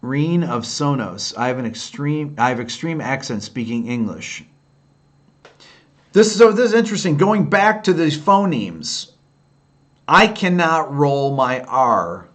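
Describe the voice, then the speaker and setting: A man's voice: mid-range voice, very animated, unhurried, a bit bright. A man in his fifties with an upstate New York accent, chatting candidly on a late-night livestream and answering viewers' comments in a rambling way. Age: 50s. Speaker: livestream host answering chat.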